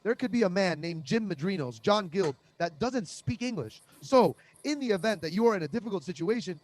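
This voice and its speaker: A young man doing a conversational comic monologue, deadpan and absurd, with lots of fillers, over a video call. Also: sits high, brisk. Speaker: comedian. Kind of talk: stand-up style comic monologue.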